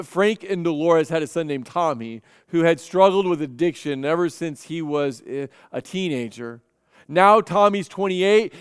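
A man's voice: high-pitched, clear, resonant tone, no echo, studio quality, long reverb tail. A man preaching a sermon, telling stories earnestly and often repeating his first word as he goes. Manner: earnest storytelling with frequent repeated starts. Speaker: pastor.

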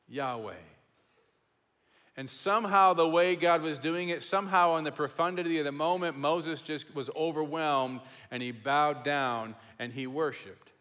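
Male pastor, slightly high voice, emphatic sermon delivery with hushed key words; long hall reverb. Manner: emphatic, repeats phrases, drops to a hush on key words.

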